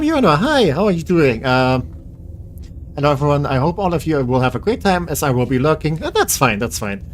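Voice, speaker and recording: A man live-streaming a game, tired and rambling as he jokes with his chat in a self-deprecating way. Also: on the high side.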